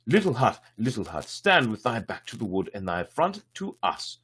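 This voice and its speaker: A bold young peasant hero from a storybook, proud and blunt as he gives orders, as a man reads his lines. The voice is low and a little husky. It moves lively through its pitch range. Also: normal speed, heavily acted. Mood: commanding. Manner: proud, commanding.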